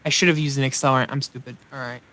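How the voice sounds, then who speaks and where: A man's voice: mid-range voice, fairly even intonation, rapid-fire, bright, forceful tone. A man hosting a let's play, giving casual gameplay commentary and rambling aloud as he thinks, often mocking himself.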